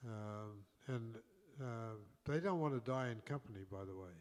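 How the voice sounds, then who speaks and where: An older man with an Australian accent, co-hosting a casual chat and speaking in a halting way that repeats words. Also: mid-range voice, animated, a little mellow. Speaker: co-host.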